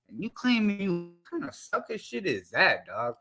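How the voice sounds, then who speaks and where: A man's voice: high-pitched, huge pitch swings, moderate pace, few pauses, bright, forceful tone. Fired-up profane man ranting on a headset. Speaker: livestream commentator. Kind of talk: heated casual commentary.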